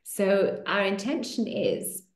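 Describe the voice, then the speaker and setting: A woman hosting an online circle, coaching listeners warmly through affirmations with animated, encouraging delivery. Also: medium pitch, slow pace, roomy sound. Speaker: host of a women's money circle. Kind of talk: coaching talk to an online group.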